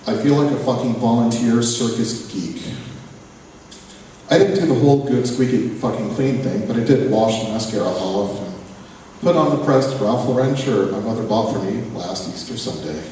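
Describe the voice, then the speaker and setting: A man's voice: medium pitch, normal speed, mellow, a little hiss or hum. A man giving a live reading of his own fiction in a sardonic, profane first-person voice, captured at a reading event. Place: reading event venue, hall. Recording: echoey hall from far off, faint ambience.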